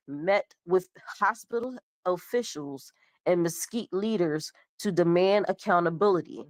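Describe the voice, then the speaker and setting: A woman's voice: on the low side, no echo. A young woman host with a cold, stuffed up, casually reading out a news story and stumbling over words. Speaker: show host.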